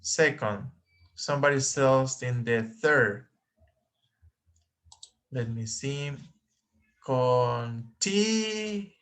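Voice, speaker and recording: A man leads an online English lesson at an unhurried pace. His voice sits at an everyday middle pitch, and he patiently repeats words so the students can follow. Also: fairly bright tone. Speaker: English teacher. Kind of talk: online class instruction.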